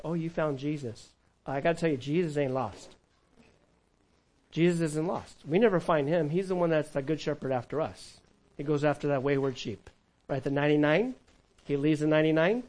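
A male pastor delivers a conversational sermon in a church. His voice sits a little higher than most men's. He swings between emphatic, raised lines and soft, hushed asides. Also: poor audio. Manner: animated, conversational preaching with sudden drops to a hush.

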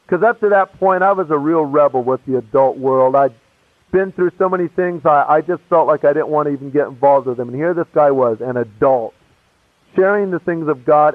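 A man's voice: fairly high pitch, no room sound. A man preaching a sermon, telling his own conversion story in a casual, slangy way. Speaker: pastor. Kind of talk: sermon with personal testimony. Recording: tinny phone-like radio broadcast.

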